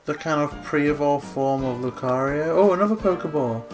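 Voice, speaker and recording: A man's voice: a little high, normal speed, music in the background. Gushing man touring a game island. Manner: gushing, gasping, breathless exclamations. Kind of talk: excited gameplay commentary.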